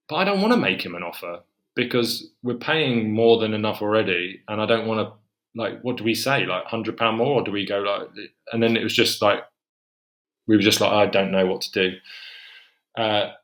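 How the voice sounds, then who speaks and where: A young man with a lowish voice recounts a difficult episode from his life. He keeps backing up to correct himself and tells it candidly as a podcast guest. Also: a bit bright. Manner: rambling, self-correcting, emotional retelling. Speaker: guest author. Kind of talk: candid personal storytelling.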